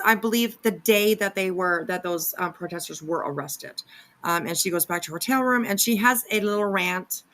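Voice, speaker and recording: A woman's voice: mid-range voice, fairly bright tone. A woman hosting a reaction commentary channel, chatting casually with plenty of fillers and sarcastic asides.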